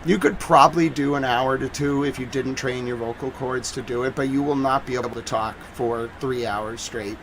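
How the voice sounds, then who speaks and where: A man's voice: mid-range voice, fairly even intonation, moderate pace, few pauses, a bit bright, slight background noise, poor audio. A man in his thirties with a Boston accent, talking casually on a news livestream and rambling with lots of fillers. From New England.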